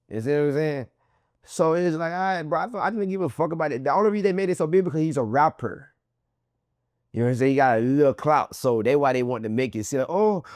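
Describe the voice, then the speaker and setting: Profane, animated man telling a story. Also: medium pitch, dry recording, clean studio sound. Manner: acts out quoted people in a raised voice. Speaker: interview guest. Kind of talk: casual storytelling interview.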